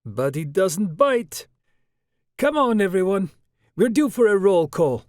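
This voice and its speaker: A man voicing a confident, loud boy delegate with a light Russian accent, speaking in a brash, teasing way in an audiobook. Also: sits high, big pitch swings, slow, no echo, studio quality, pitched above the performer's own voice, heavily acted.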